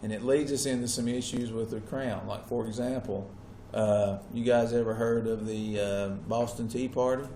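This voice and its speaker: A man's voice: medium pitch, steady tone, moderate pace, few pauses, dark tone, slight background noise. A male teacher lecturing a classroom in a casual way and often checking that the students are following.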